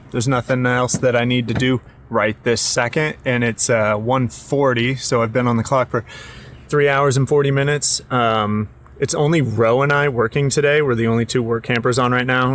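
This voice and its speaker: A tired man filming a casual vlog about his work day, talking in a relaxed, rambling way full of fillers and restarts. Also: medium pitch. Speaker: work camper vlogger.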